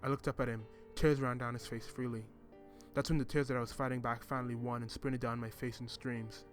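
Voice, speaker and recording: A man reading a first-person story in a measured, reflective way. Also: mid-range voice, flat delivery. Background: music.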